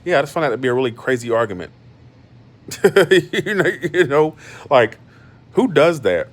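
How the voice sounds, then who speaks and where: A man's voice: on the high side, big pitch swings, normal speed. Blunt, emphatic man ranting on his channel. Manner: blunt, emphatic, repeats himself. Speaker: tarot channel host. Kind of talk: casual livestream rant.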